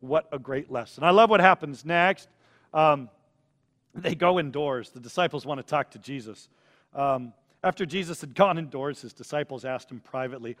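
A man with a fairly high voice preaches, telling his story with animated energy. He moves from big emphatic lines to near-whispers. His voice carries a long reverb, as if he were in a large hall. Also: moderate pace. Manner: animated storytelling, swings from loud to hushed. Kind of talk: sermon.

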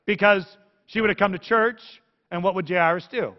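A man pastor preaching a sermon in an animated, conversational, jokey way. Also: sits high, normal speed. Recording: echoey hall, dull sound.

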